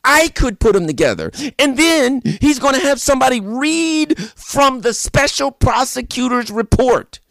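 This political commentary host gives an animated opinion monologue, circling back to the same points and firing off rhetorical questions. His voice is very high and unhurried, with hardly any pauses, captured dry and at studio quality.

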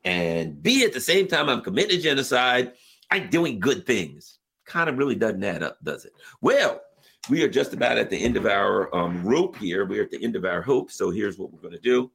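A man hosting a radio talk show, ranting with passion and sarcasm through political commentary and an on-air fundraising pitch. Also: very animated, normal speed, vocal fry, a bit bright, slightly rough.

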